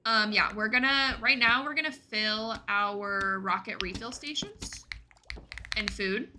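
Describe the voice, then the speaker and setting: A woman's voice: mid-range voice, unhurried, background noise. A woman streaming a game, chatting casually and answering her chat as she plays. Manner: chatty, reads and answers chat while playing. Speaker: gaming streamer.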